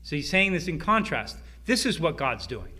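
A middle-aged man preaching a sermon, with emphatic repeats and sudden drops to a hushed voice. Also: a little high, sing-song, normal speed, breathy edge. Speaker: pastor.

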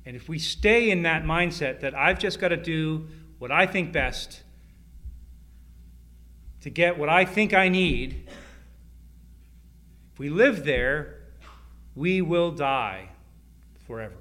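A middle-aged man preaching a sermon, with emphatic repeats and sudden drops to a hushed voice. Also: a little high, lively intonation, takes it slowly, pauses often. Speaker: pastor.

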